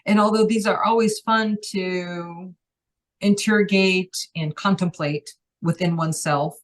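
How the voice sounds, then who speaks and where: A woman delivers a channeled spiritual message, speaking for a group of elders as "we". Her tone is playful and a little teasing, and her phrasing is unhurried and contemplative. Her voice sits slightly low. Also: fairly even intonation. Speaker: trance channel.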